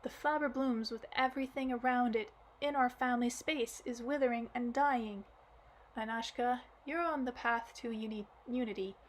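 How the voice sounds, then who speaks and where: A wise light-haired man explains things patiently and calmly, as a woman reads him aloud in an audiobook. The voice sits a little high. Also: moderate pace, a little hiss or hum, lightly acted. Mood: explaining.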